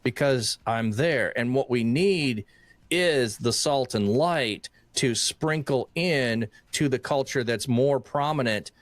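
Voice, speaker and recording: A man's voice: medium pitch, slow pace, dry recording. A man from Michigan hosts a laid-back podcast chat in a mid-range voice. He talks with animation, acting out the people he quotes and restarting phrases as he goes. The sound is dry and close to the mic. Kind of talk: casual chat.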